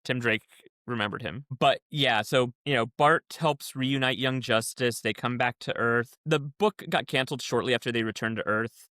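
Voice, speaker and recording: Speaking at medium pitch and moderate pace, this podcast co-host has a pushed, bright voice captured in clean studio sound with no room noise. He chats casually and wanders on and on about comic continuity.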